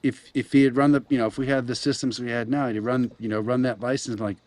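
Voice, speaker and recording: A man's voice: medium pitch, steady tone, quick pace, a little mellow, no echo. A man on a comedy podcast who wryly teases the others about their stories in casual banter. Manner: wry, teasing commentary. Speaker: guest comedian.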